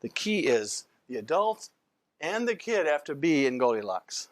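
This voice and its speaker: A man's voice: on the high side, sing-song, measured pace, dry recording. An older male physician giving an informal training lecture, rambling through anecdotes and often breaking off to restart his sentences.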